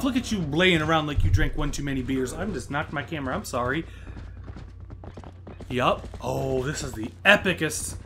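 A man hosting a let's play, commenting live on his gameplay with loud exclamations and groans. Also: fairly high pitch, normal speed, slight background noise.

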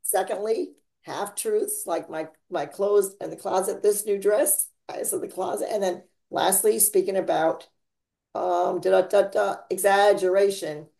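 A woman's voice: steady tone, a little slow, creaky, dark tone. A woman hosting a casual faith chat, rambling and laughing, with big dramatic swings in her voice. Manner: dramatic swings in pitch and volume. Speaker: podcast host.

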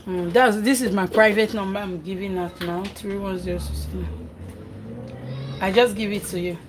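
A woman's voice: mid-range voice, steady tone, normal speed, low-quality recording. Nigerian woman, chatty livestream host, faint background noise, phone mic. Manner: chatty, reads comments aloud, scolds her children between remarks. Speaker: vlogger and mother. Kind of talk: casual cooking livestream chat.

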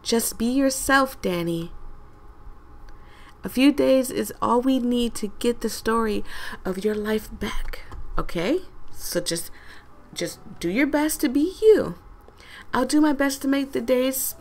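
A woman voicing a bossy, perky young woman from a game, reading her lines in a brisk, coaxing way. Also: a little high.

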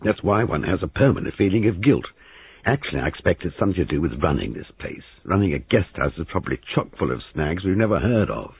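A rueful young husband grumbles and reassures in a husky, gravelly voice, as a man acts him. His pitch rises and falls a lot. It sounds thin and lo-fi. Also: sing-song, fast talker, dry recording, exaggerated voice. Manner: rueful, gloomy. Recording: phone-like lo-fi reading.

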